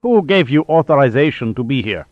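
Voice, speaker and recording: A man's voice: medium pitch, lively intonation, fairly quick, no room sound, narrow, tinny audio, voice pushed up, natural voice. A man voicing a pompous German official with a German accent, speaking demanding, broken English. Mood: indignant.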